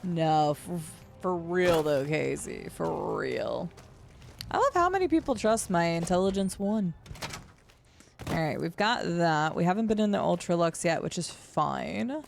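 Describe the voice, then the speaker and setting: Gravelly, chatty woman streamer. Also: on the low side, big pitch swings, moderate pace, a little hiss or hum. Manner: chatty, reads dialogue choices aloud. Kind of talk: casual gameplay chat.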